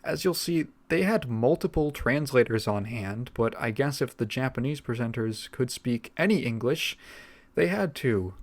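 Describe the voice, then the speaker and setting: A man's voice: mid-range voice, lively intonation, moderate pace. Man narrating with dry sarcasm. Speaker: video essay narrator. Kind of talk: scripted narration.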